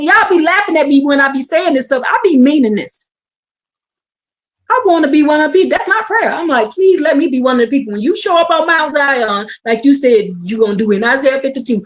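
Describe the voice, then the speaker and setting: Fervent woman preacher on a livestream, high voice, goes from hushed to shouting. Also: animated, a little fast. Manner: fervent, calls out to listeners, swings from hushed to shouting. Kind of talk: livestream sermon.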